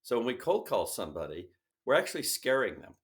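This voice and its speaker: A middle-aged man in a conversational interview, telling stories and acting out quoted dialogue with big jumps in his voice. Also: quick pace. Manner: animated storyteller, acts out quoted dialogue with big pitch jumps. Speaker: sales company founder, guest.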